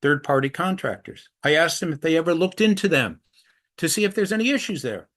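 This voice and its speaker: A middle-aged anti-trafficking activist gives an earnest storytelling presentation, acting out the quoted voices in his anecdotes. He speaks fast and animatedly, with a fairly high, somewhat bright voice.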